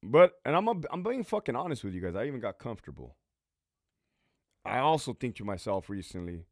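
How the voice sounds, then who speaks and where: A man in his thirties from Southern California tells prison stories in a casual Q&A, blunt and full of profanity. His pitch swings widely as he talks. The recording is dry and close. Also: brisk, no room sound. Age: 30s. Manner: blunt and heavily profane, animated. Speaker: podcast host and former prison lieutenant. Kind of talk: casual Q&A storytelling.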